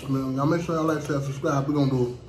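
This laid-back grandfather, a middle-aged Chicagoan with a Chicago accent, hosts a casual mukbang alongside his grandchild and keeps saying "you know what I'm saying". He talks fast in a mid-range voice with fairly even intonation, on a rough recording with a roomy sound.

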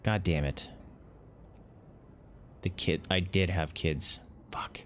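A man's voice: low-pitched, fairly even intonation, slow, a little hiss or hum. A young man commenting as he plays a strategy game, reading its text aloud and swearing. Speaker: gaming channel host. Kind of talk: let's play commentary.

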